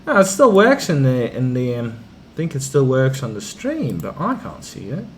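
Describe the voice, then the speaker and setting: Chatty gaming streamer, lively voice. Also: male voice, mid-range voice, normal speed, slight background noise. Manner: chatty, rambling asides. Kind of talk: casual gaming commentary. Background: game music.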